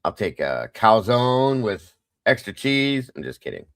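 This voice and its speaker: A man's voice: on the low side, big pitch swings, unhurried, gravelly, fairly bright tone, dry recording, clean studio sound. A man hosting a casual livestream, greeting viewers one by one by name with playful sing-song asides. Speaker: livestream host.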